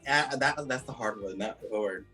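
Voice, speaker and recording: Faint background music plays under this low-quality recording of a Georgia man with a Southern accent. His voice is lowish, pushed and bright, at a moderate pace, and he rambles chattily through a casual interview, saying "like" and "um" a lot.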